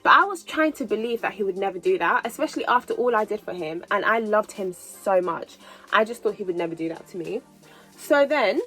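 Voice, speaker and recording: Woman in her twenties, vlogger, casual storytelling, animated retelling, average pitch. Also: a little fast, faint music behind, low-quality recording. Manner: chatty, animated retelling with repeats. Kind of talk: storytime vlog.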